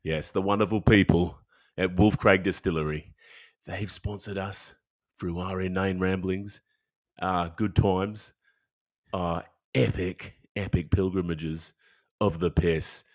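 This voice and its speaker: A man hamming up a mock-Australian sponsor announcer with a deep, low-pitched voice, stretching his words out in a slow, over-the-top ad-read drawl. It's a jokey put-on Australian accent, played broadly for laughs. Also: fairly even intonation. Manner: hammy, drawn-out ad-read delivery.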